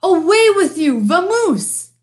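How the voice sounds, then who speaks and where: A woman voicing a grumpy male bear who keeps losing his temper, with loud, exasperated outbursts. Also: sits high, fairly even intonation, normal speed, close to an everyday voice.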